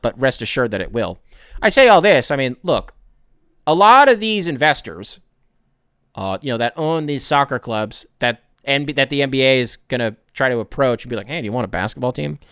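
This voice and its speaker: A man's voice: mid-range voice, a bit bright, no room sound, studio quality. A man hosting a sports podcast, ranting in a heated, rambling way, swearing and often restarting his sentences. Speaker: podcast host. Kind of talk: casual sports podcast rant.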